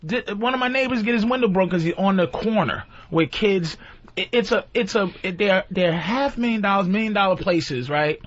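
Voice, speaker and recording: A man's voice: high voice, normal speed. A man telling profane stories in casual radio banter, acting out the voices of people he quotes. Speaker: guest comedian. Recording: dull lo-fi radio broadcast.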